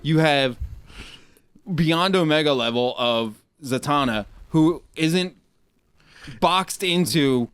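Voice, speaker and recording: A man's voice: on the high side, slow, pauses often, a bit bright, clear, resonant tone, dry recording. A man co-hosting a podcast, talking animatedly in a casual debate, full of fillers and restarts. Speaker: podcast co-host.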